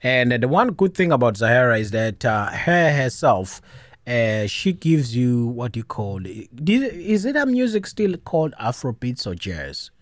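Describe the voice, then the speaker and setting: A man's voice: mid-range voice, sing-song, moderate pace, no room sound, studio quality. A man co-hosting a casual radio show, playful and teasing, laughing often as he chats with his co-host.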